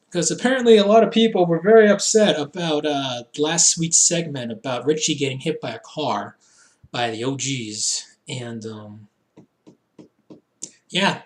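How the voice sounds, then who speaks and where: A young man recapping a wrestling show in a casual, rambling, jokey way, often acting out quotes in silly voices. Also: fairly high pitch.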